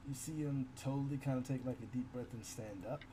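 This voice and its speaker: A man's voice: mid-range voice, fairly quick, dark tone, a little hiss or hum. Man narrating as game master. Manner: loose, filler-heavy narration.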